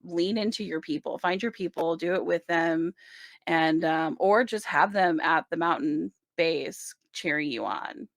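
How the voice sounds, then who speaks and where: Woman tarot reader, lower register, gravelly edge, chatty and reassuring, dry close sound. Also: a little slow, dry recording. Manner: chatty, reassuring, many "right?" check-ins. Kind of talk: casual tarot reading to camera.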